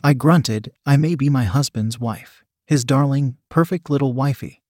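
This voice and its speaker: A man's voice: medium pitch, normal speed, darkish tone, no echo. Man reading an erotic story, dry sound. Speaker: narrator.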